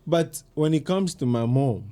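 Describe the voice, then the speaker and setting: A man's voice: on the high side, unhurried. A man, chatting casually as a podcast guest and telling stories animatedly. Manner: animated storyteller, mimics his mom in quoted asides. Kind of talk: casual chat.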